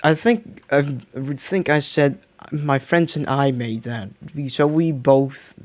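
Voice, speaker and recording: A man's voice: mid-range voice, fairly even intonation, slow pace, darkish tone. A man streaming a game, giving casual live commentary, rambling and restarting his sentences as he plays. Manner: rambling, restarts often, mutters to himself.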